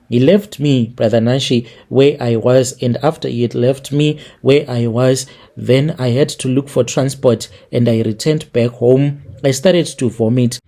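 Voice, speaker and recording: A man with a warm, mellow voice tells a first-person story as scripted narration. His reading stays steady and plain, at an ordinary middle pitch. The delivery is measured throughout.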